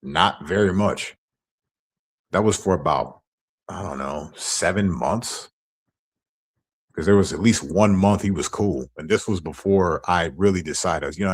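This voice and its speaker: A man's voice: low-pitched, a little slow, long pauses. A man ranting on his stream, heated and profane as he tells his side of a feud. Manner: angry, profane storytelling.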